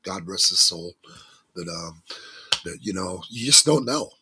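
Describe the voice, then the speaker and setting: A man with a husky, slightly rough voice speaks as a talk-show guest. His pitch swings a lot as he tells stories in a folksy, emphatic way, with frequent religious turns of phrase. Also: expressive, a little slow, bright, forceful tone. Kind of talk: casual talk-show interview.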